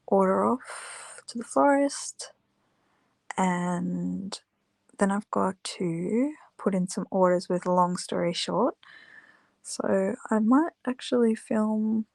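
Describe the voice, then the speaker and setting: Tired woman chatting slowly, creaky. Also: medium pitch, a little mellow, no room sound. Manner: rambling, many fillers, unhurried. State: tired, yawning. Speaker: small-business candle maker vlogger. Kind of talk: casual chat to camera.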